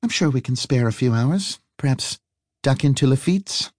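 In an audiobook, a man voices a brisk, wry woman, pitching it above his own voice while keeping it close to everyday speech. The delivery is medium pitch, animated, and a little mellow, recorded dry with clean studio sound.

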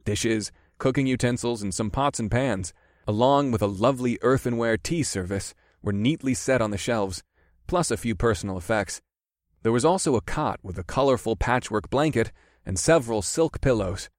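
A man narrating a first-person fantasy audiobook in a steady, measured way. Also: medium pitch, dry recording, studio quality.

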